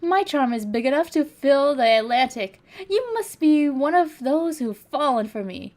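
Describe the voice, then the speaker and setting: A woman reading the part of a gruff, red-haired male viking sailor who mocks others and calls them kid. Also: sits high, very animated, normal speed, darkish tone, pitched above the performer's own voice. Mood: teasing.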